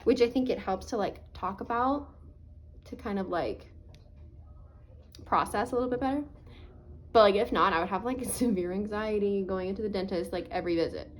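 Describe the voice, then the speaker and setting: A woman's voice: mid-range voice, moderate pace, long pauses, slight background noise, rough recording. A woman vlogger telling a personal story to camera in a casual, chatty way, full of "like" fillers, talking through a swollen, sore face. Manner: earnest, faith-minded reflection.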